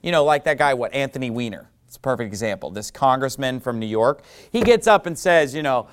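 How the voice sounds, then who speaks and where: A man preaching a sermon, who acts out the people he quotes with sudden loud outbursts. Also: mid-range voice, lively intonation, brisk, few pauses.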